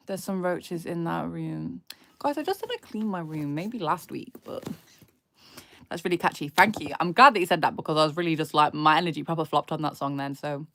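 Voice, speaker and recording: A woman's voice: deep voice, fairly quick, creaky, a bit bright, slight background noise. A woman in casual livestream chat from her bedroom, blunt and self-critical, swearing freely. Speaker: livestreamer and rapper.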